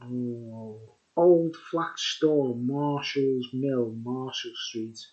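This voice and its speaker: A man's voice: mid-range voice, very slow, a little mellow, dull audio. A tipsy man rambling through a casual beer review, chuckling often and dropping conspiratorial asides.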